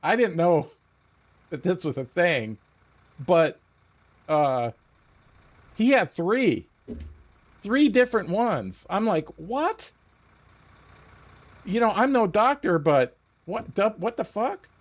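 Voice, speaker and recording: Profane, animated man telling a story. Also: high voice, slow pace, long pauses. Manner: laughs often at his own story. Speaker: game streamer. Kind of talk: casual storytelling while playing.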